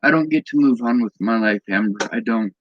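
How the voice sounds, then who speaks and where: A man's voice: medium pitch, brisk, highs cut off. A man in an angry personal vlog rant, bitter and agitated, swearing often.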